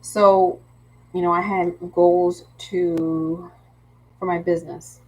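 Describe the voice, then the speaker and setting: A woman's voice: lowish voice, little pitch movement, slow, a little mellow, slightly rough, muffled recording. Chatty woman with a Philly accent. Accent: Philadelphia. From Philadelphia. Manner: rambling and chatty, restarts often, laughs easily. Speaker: craft teacher hosting a live stream. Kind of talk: casual livestream chat.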